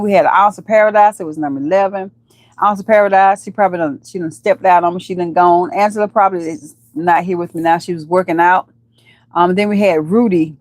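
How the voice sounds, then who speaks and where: A woman hosting a casual live stream, chatting playfully with viewers, calling them baby and honey and breaking into high squeals. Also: no echo. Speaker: livestream host.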